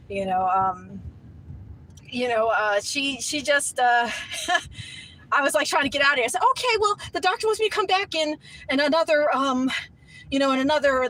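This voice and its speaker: A middle-aged woman telling a story in a casual, animated way, laughing often, her voice shooting up high when she is outraged. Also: husky, poor audio.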